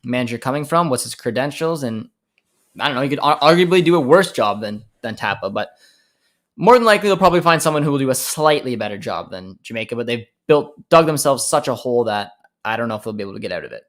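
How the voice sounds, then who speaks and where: Casual young Canadian stream host. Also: male voice, mid-range voice, lively intonation, quick pace, fairly bright tone. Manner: reads viewer comments aloud and answers them, laughing often. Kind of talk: casual live-stream chat.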